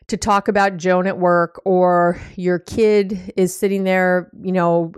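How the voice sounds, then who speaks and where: A woman hosting a relationship podcast, explaining things in a casual, animated way with lots of "you know" and little acted-out exchanges, teasing her listeners fondly. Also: medium pitch, smooth, no echo, clean studio sound. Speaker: relationship coach and podcast host.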